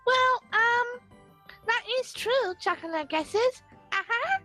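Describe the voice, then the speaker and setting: A woman voicing an excitable young cat girl from a video game who speaks of herself in the third person and meows. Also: very high-pitched, slow pace, soft background music, exaggerated voice. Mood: indignant.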